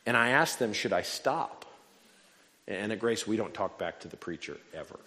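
A man's voice: on the low side, lively intonation, normal speed, bright, forceful tone. A man preaching a sermon in a church, telling a humorous story with wry, self-deprecating asides. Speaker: pastor. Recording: long hall reverb.

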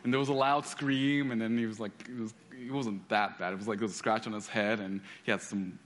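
A man's voice: on the low side, fairly even intonation, brisk, fairly bright tone, a little hiss or hum. A man giving a sermon, telling stories with frequent restarts and reading scripture aloud. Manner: storytelling with repeated restarts. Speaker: pastor.

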